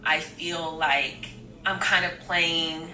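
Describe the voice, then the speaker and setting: A woman's voice: deep voice, steady tone, slow pace, sharp tone, roomy sound, slight background noise, poor audio. A woman speaking in a confessional interview, emotional, hesitant and reflective. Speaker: reality show participant.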